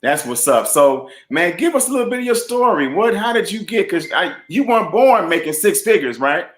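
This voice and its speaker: Lively Chicago man hosting, echoey room. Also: sits high, a little fast. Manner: energetic, slangy, repeats "man". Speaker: host. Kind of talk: casual interview talk.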